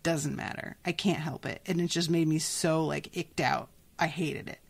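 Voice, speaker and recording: A woman hosting a podcast, chatting casually and reacting to a book in an animated, exasperated way, swearing freely. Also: sits low, moderate pace, gravelly, husky. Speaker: podcast host.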